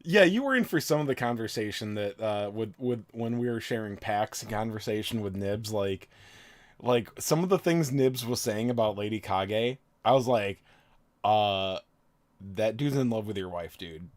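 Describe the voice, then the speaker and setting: A man's voice: on the low side, expressive, normal speed. A man in his thirties, drunk, chatting casually on his stream in a rambling, crude, self-mocking way with frequent laughs. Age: 30s. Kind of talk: casual chat.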